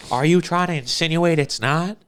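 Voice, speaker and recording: A man co-hosting a podcast in loose, casual chat. His voice is smooth and clear at a middling pitch. He talks in an animated, sarcastic and profane way. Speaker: podcast co-host.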